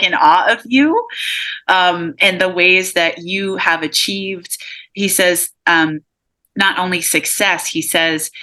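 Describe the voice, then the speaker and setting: Lady medium doing a live reading on a video call, goes "he says" over and over, kinda rambly, bright edgy voice. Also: lowish voice. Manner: relays messages in a run of "he says", with many fillers and restarts. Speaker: psychic medium.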